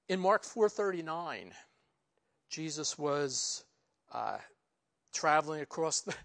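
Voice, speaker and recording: A man preaching a conversational Bible lesson, using informal "you know" asides and rising for emphasis. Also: fairly bright tone. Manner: rises in pitch and volume for emphasis. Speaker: pastor. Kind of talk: conversational verse-by-verse Bible teaching.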